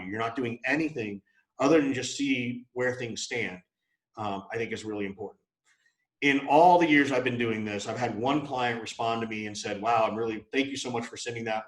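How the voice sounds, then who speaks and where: A man's voice: mid-range voice, fairly bright tone. Blunt, casual man in an echoey room. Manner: blunt and conversational, with many fillers. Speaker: sales trainer. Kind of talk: live training session. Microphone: video call.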